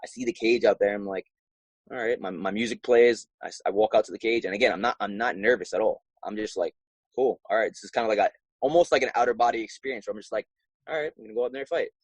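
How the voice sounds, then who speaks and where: A young man and professional fighter telling his story in a casual interview, animated and acting out his own past reactions. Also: lowish voice, quick pace, breathy edge, no echo, rough recording.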